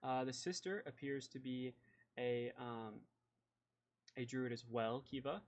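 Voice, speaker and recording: A man's voice: mid-range voice, fairly even intonation, unhurried. Rambling male game master. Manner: rambling, filler-heavy. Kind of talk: narrating a tabletop game.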